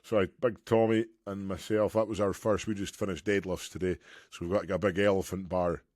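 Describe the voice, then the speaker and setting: A man's voice: low voice, level tone, fairly quick, darkish tone, dry recording, clean studio sound. A man co-hosting a podcast in casual, rambling chat, joking and laughing often. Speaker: podcast co-host.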